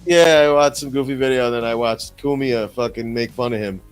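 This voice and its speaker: A man's voice: mid-range voice, moderate pace, clean tone. A middle-aged man talks loosely on a podcast, swearing freely as he tells his stories. His voice sits in an ordinary middle range. Faint music plays underneath. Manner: animated storytelling with crude profanity. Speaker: podcast co-host. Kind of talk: casual chat.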